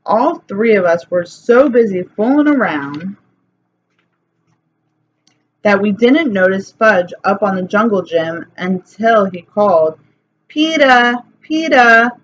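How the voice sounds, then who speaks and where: A woman reading a children's chapter book aloud in a lively, plain storytelling way. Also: medium pitch, slow pace. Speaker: reader. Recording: slightly dull recording, faint hiss.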